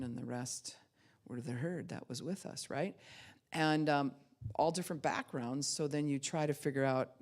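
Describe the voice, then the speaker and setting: A middle-aged woman pastor giving a conversational teaching sermon, animated, swinging from loud outbursts to soft, slow asides. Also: rumbling low.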